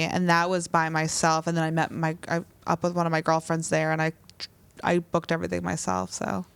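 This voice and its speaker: A woman's voice: on the low side, gravelly, clear, resonant tone, dry recording. A woman co-hosting a casual podcast chat, talking loosely and laughing often, with a New Jersey accent. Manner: chatty, laughs often, trails off. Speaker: podcast co-host.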